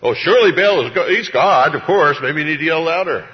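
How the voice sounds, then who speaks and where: A man voicing a sarcastic male prophet who mocks his rivals in a high, exaggerated, taunting voice. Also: expressive, a little fast, close to an everyday voice. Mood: mocking. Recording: dull, echoey church hall sound.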